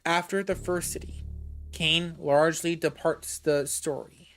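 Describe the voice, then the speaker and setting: A grave vampire ally speaks slowly and deliberately about ancient bloodlines, as a man reads him aloud in a game. His voice runs a little lower and quieter than ordinary talk. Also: steady tone, faint music behind.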